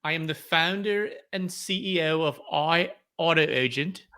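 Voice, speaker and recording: A man hosting a car podcast, energetic and playful, moving between banter and sponsor reads. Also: fairly high pitch, unhurried. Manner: energetic and playful, leaning on hype. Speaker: podcast host.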